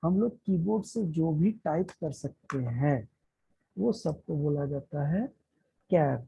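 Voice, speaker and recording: A man with an Indian accent teaching a live online class. He talks deliberately, repeats key terms and checks whether students can hear him. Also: on the high side, animated, creaky, mellow, a little hiss or hum, rough recording. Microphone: computer mic on an online call.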